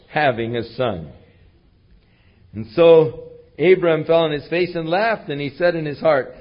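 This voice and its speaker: A man preaching a verse-by-verse sermon in a conversational way, with fillers and asides to his listeners. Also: medium pitch. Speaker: pastor. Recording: dull lo-fi recording.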